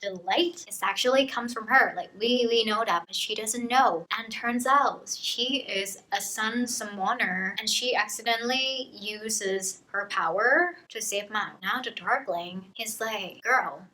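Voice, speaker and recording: A woman's voice: fairly high pitch, a little slow, hardly any pauses, sharp tone, low-quality recording. A young woman giving a casual book summary in a chaotic, chatty, profane way. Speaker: book vlogger.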